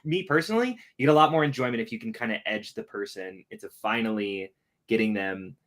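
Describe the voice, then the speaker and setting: A man's voice: lowish voice, fast, a bit bright. A young man hosting a livestream, joking crudely and mocking himself in casual banter. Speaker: livestream host.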